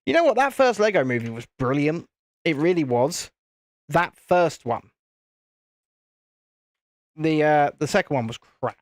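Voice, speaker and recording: A man's voice: a little high, very animated, unhurried, long pauses, dry recording. Chatty British man hosting a stream. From United Kingdom. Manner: chatty, rambling, reads viewer chat aloud. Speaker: livestream host. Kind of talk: casual live stream chat while building. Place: home streaming setup with cameras and lights.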